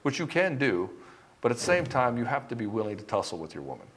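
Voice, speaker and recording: A man's voice: medium pitch, sing-song, fast talker. A man giving dating advice straight to the camera, blunt and emphatic, with frequent swearing. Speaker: dating coach. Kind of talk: direct-to-camera advice monologue.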